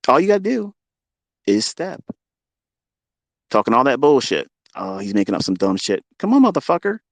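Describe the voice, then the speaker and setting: A man's voice: fairly low pitch, dry recording. A trading educator, a man, giving a profane, boastful, combative rant to his livestream viewers.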